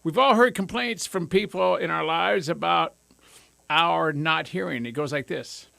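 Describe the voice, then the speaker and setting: A man hosting a radio talk show in a studio, talking with high energy and joking at his own expense. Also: a little slow, vocal fry, bright, forceful tone, no room sound. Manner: high-energy, jokey, self-amused. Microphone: studio microphone.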